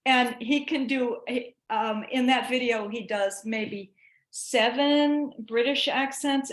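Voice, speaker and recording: A woman giving a chatty online talk to teachers, animated and given to restarts. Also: fairly high pitch, roomy sound. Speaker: presenter.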